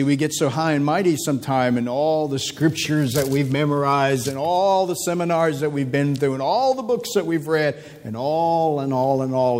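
Male preacher, mid-pitched, emphatic delivery that repeats key phrases. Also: darkish tone. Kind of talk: sermon.

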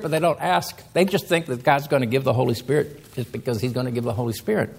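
A man preaching a sermon, reading scripture slowly and then explaining it with emphatic rises in his voice. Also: mid-range voice, vocal fry, husky.

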